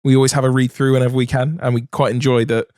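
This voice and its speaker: Jokey man, mid-pitched co-host. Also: level tone, darkish tone, no echo, clean studio sound. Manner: quick, jokey reactions and anecdotes. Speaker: podcast co-host. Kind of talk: casual chat.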